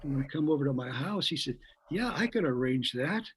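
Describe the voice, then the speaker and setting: A man's voice: fairly high pitch, expressive, a little fast, slight background noise, rough recording. An older man, a guest musician, telling a long story in a rambling way. He repeats words as he goes and acts out the voices of the people he quotes. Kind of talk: anecdotal storytelling.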